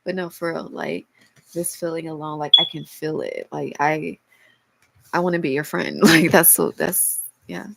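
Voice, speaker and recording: A woman's voice: low voice, very animated, moderate pace, creaky, fairly bright tone, a little hiss or hum, rough recording. A woman giving a casual tarot reading to her viewers, emotional and holding back tears, her voice cracking, swearing freely as she talks. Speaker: tarot reader.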